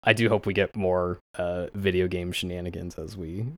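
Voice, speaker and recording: A man co-hosting a casual anime podcast, rambling with frequent laughs and acting out lines in a higher voice. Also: flat delivery, moderate pace, darkish tone, no room sound. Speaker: podcast co-host.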